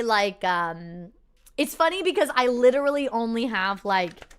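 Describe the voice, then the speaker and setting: A woman's voice: on the high side, lively intonation, unhurried, clear, resonant tone. A woman chatting on a live stream, laughing often and reading out viewer comments. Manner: reads viewer comments aloud. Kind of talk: casual live-stream chat.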